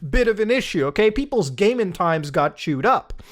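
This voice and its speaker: An energetic male YouTuber explaining tech topics in a casual, chatty commentary. His voice sits high for a man, and he keeps checking in with the viewer with a quick "okay?". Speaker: YouTube host.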